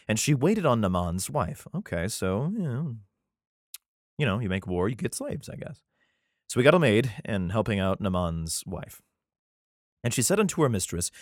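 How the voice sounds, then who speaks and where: A man with a low voice reads an old Bible passage aloud, then keeps cutting in with crude, sarcastic jokes. His pitch jumps all over the place as he mocks the story. The sound is close and dry, with no room at all. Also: sing-song, normal speed, no echo. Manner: profane, sarcastic asides between read passages; reads archaic scripture aloud, stumbling and rereading. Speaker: podcaster reading and commenting on the Bible. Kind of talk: casual irreverent Bible reading with commentary.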